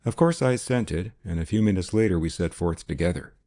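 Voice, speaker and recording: A man narrating an audiobook in the first person, measured and formal. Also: sits low, lively intonation, dark tone.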